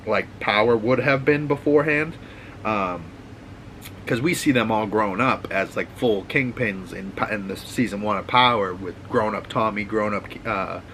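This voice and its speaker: A man's voice: lowish voice, a bit bright, slight background noise, poor audio. Rambling profane man with a Boston accent. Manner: rambling, profane, with many restarts. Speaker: host. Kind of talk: casual TV recap chat.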